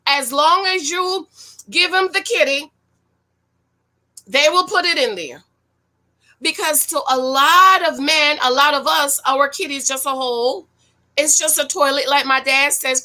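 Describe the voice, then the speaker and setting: A woman talks in a high, bright voice, recapping a show in a loose, chatty way. She speaks frankly and with energy, and often turns to give pointed advice to women. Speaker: reality-show reviewer. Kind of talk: casual video commentary.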